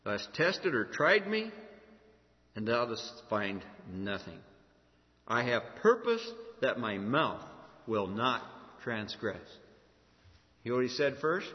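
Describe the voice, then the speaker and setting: A man's voice: mid-range voice, big pitch swings, slow, long pauses. A man pastor delivering a sermon, preaching emphatically and asking the congregation rhetorical questions. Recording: echoey hall, dull lo-fi sound.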